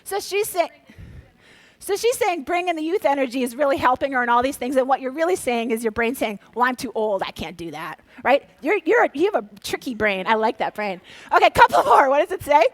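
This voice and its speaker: A woman from Minnesota giving a lively motivational talk, coaching her audience and calling out to them. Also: high voice, brisk, dry recording. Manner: energetic, coaxing, leads the crowd in call-and-response; drops to a hushed, soft voice for a quiet exercise. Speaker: speaker.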